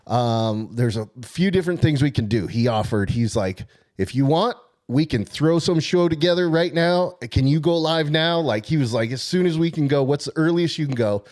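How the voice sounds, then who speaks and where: A man co-hosting a casual sports podcast, telling a long story in an excited, rambling way. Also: a little high, normal speed. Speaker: podcast co-host.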